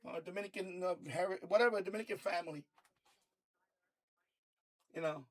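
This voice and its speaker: Brisk and high-voiced, a man running a live stream vents in a heated, foul-mouthed rant. He repeats phrases throughout this loose, casual commentary.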